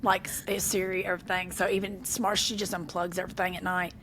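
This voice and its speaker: A woman, a podcast co-host chatting casually and telling lively stories about family. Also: on the low side, quick pace, slight background noise. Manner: animated storyteller, voices her mother. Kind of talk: casual chat.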